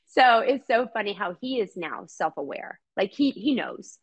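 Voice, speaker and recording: A middle-aged woman with a husky, breathy edge talks as a podcast guest. Her delivery is candid and heartfelt, chatty, with easy laughs, in a pitch that sits in the ordinary middle for a woman. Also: very animated, moderate pace. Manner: heartfelt and chatty, laughs often, acts out quoted people. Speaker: guest, mother of an autistic son.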